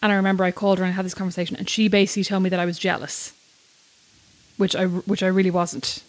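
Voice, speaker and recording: A woman's voice: on the low side, little pitch movement, fast. A woman co-hosting a podcast, chatting in a conversational way with frequent fillers. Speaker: podcast co-host. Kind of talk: casual chat.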